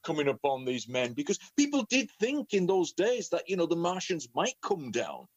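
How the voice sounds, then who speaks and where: Man telling a family story, lively, says words twice a lot, dry close sound. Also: on the high side, normal speed, no room sound, highs cut off. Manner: animated, repeats words as he talks. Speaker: professional storyteller and children's author. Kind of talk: conversational storytelling.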